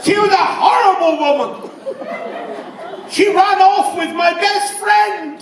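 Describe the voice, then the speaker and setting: A man with an English accent doing a stand-up comedy routine, firing off one-liners in a loud, punchy delivery. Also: very high voice, slow pace. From England. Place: casino show room before a live audience. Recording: roomy live hall, mic at a distance, crowd and noise. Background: audience laughter.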